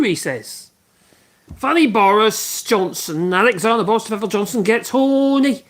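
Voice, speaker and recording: A man's voice: high voice, animated, measured pace. A man hosting a casual woodworking livestream, rambling and humming to himself as he works. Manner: rambling, hums to himself while working. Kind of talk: casual livestream chat while working.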